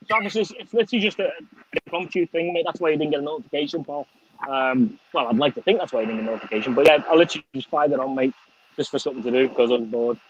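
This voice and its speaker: A middle-aged man with a softened Liverpool accent chatting on a live stream, sweary and chummy, calling everyone mate. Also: mid-range voice, highs cut off, a little hiss or hum. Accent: Liverpool, softened by Scottish. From England, Liverpool. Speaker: motorcycle vlogger hosting a live stream. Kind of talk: casual live-stream chat.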